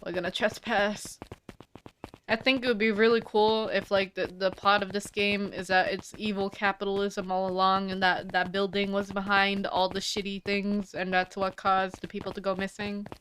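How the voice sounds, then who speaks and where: A woman's voice: medium pitch, little pitch movement, moderate pace, fairly bright tone, a little hiss or hum. A woman streaming a story game, chatting casually and reading the dialogue aloud. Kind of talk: casual gameplay commentary.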